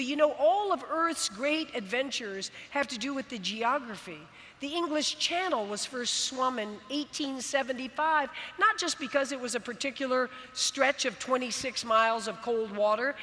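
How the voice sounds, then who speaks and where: A woman in her sixties from Florida giving a dramatic keynote speech, with long pauses and sudden bursts of emphasis. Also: high voice, fairly bright tone. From Florida, United States. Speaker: keynote speaker. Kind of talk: motivational keynote storytelling. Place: large convention arena. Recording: long reverb of a big arena.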